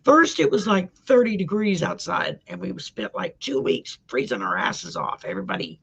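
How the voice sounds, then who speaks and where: A woman from Louisiana with a Cajun accent hosting a casual live video chat, hoarse from a sore throat, chatty and rambling with frequent laughs. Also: lowish voice, animated, normal speed, a bit bright. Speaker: host.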